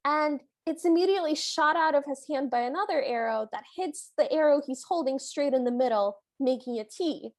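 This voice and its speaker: A woman's voice: high voice, normal speed, hardly any pauses. A woman co-hosting a podcast, casually retelling a film's plot scene by scene and quoting its lines. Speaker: podcast co-host. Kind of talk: casual film recap chat.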